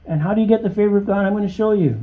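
A man preaching a sermon, emphatic and conversational, often checking in with his listeners and rising to high, excited exclamations. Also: very fast. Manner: conversational, with frequent check-ins to the congregation. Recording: dull, muffled lo-fi recording.

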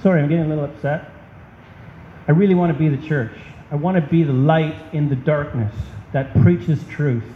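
A man's voice: fairly high pitch, a little fast, a little hiss or hum. A man preaching a sermon as a pastor, emphatic and impassioned. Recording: dull, echoey hall.

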